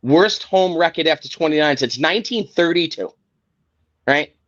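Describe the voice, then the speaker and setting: A man's voice: fairly high pitch, lively intonation, normal speed, a bit bright. A man hosting a sports podcast, ranting in a heated, profane, exasperated way. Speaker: podcast host. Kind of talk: casual sports rant. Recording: dull lo-fi podcast audio.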